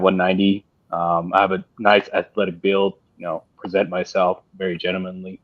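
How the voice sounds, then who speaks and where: A man talking on a panel in a casual discussion, halting and repeating himself with many fillers. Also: sits low, dry recording. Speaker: panel guest. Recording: dull dry lo-fi sound.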